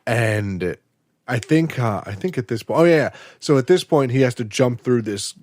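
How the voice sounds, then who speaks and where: A man hosting a podcast, retelling an episode in a casual, animated storytelling way. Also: medium pitch, moderate pace, no room sound, clean studio sound. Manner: animated storytelling, acting out quotes. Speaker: podcast host.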